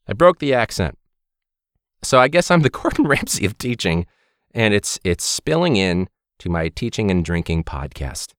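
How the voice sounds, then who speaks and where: Sarcastic teacher guy ranting on his podcast, pitch all over the place, dry close sound. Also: moderate pace, no echo. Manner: animated, sarcastic, swings into loud mock outbursts. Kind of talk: casual ranting monologue.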